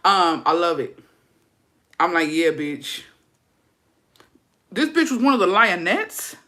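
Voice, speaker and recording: A woman vlogger telling a story in casual chat, profane, gossipy and animated. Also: lowish voice, takes it slowly.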